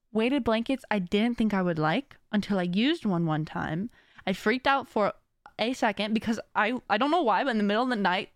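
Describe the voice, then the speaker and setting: A woman hosting a podcast, talking in a casual, animated and slangy way and laughing often. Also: mid-range voice, no room sound, studio quality. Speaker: podcast host. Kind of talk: casual chat.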